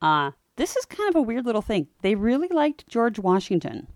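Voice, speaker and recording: A woman co-hosting a podcast, telling a history story in a chatty way with wry, animated asides. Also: on the high side, moderate pace, dry recording, clean studio sound. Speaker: podcast co-host.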